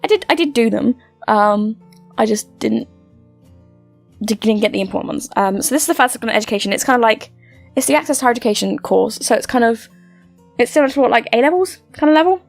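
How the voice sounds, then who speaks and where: A young woman chats to the camera in a bubbly, rambling way, tripping over her words and leaning on fillers. Her voice sits a little high, and the sound is close and dry. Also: animated, fast, creaky, no echo, soft background music. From United Kingdom. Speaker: YouTuber. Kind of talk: casual to-camera update chat.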